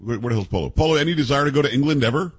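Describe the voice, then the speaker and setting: A man's voice: mid-range voice, expressive, rapid-fire, slightly rough. A man hosting a radio talk show, teasing and blunt with his co-hosts. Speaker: radio host. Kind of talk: casual radio chat.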